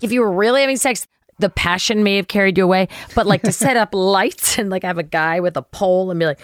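A woman spins a story as a guest in an interview, lively and expressive, jumping into the voices of the people she quotes and dropping the odd swear word. Her voice sits at an ordinary middle pitch. The sound is close and dry, with no room echo. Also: fast. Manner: animated, acts out quoted voices, swears casually. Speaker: guest actress.

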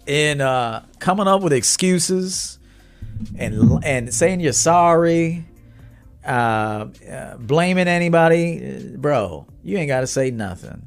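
A man's voice: on the high side, expressive, slow, vocal fry, soft background music. A man, a dating coach talking bluntly and with swagger to viewers on a livestream.

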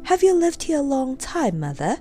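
A woman's voice: sits high, huge pitch swings, moderate pace, mellow, faint music behind, pitched above the performer's own voice. A woman voicing a timid, clingy young male pony in a storybook reading, talking in an anxious, pleading way.

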